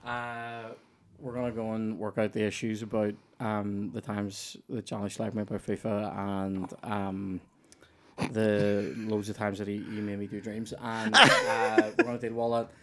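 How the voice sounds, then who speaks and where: A man's voice: lowish voice, measured pace, fairly bright tone. A man hosting a comedy podcast, rambling and jokey, laughing often. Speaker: podcast host. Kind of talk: casual comedy chat.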